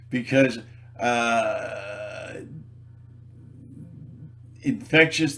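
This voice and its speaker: A man video blogging in a rambling, theatrical, joking monologue. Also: medium pitch.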